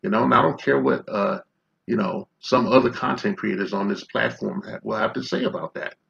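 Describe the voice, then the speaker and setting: A man's voice: on the low side, fairly quick, gravelly, fairly bright tone, lo-fi sound. A man in his fifties from Chicago, ranting in confrontational, profane commentary full of rhetorical questions. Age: 50s. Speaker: commentary vlogger.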